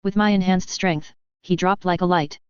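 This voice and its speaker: A woman reading a first-person fan fiction story aloud in a steady narrating voice. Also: fairly low pitch, normal speed, clear, resonant tone, dry recording. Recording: dull lo-fi dry recording.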